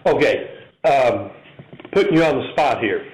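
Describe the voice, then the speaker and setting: A man hosting a casual interview, curious and hesitant, pausing on many fillers as he asks his questions. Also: medium pitch, expressive, slight background noise. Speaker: interview host. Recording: echoey room.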